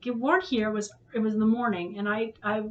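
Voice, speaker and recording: A woman's voice: a little high, fairly even intonation, fast, highs cut off. A woman hosting a vlog, telling a personal story to her son in a frank, emotional way and swearing when upset.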